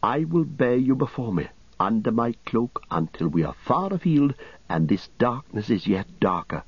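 A man voicing a soft-spoken, resolute young male rider who talks in a hushed voice. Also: medium pitch, very animated, normal speed, husky, no room sound, highs cut off, pitched above the performer's own voice.

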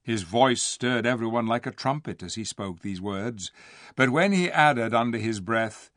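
A man narrating a storybook audiobook with an expressive, lively voice that rises and falls through each sentence. The recording is close and dry. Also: medium pitch, measured pace, no room sound. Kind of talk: scripted narration.

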